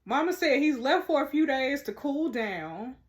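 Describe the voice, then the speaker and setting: A woman's voice: sits high, lively intonation, moderate pace. Chatty woman narrating a mystery game. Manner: chatty, talks to viewers, reads texts aloud. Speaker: gamer playing a mystery game. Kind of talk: casual let's-play commentary.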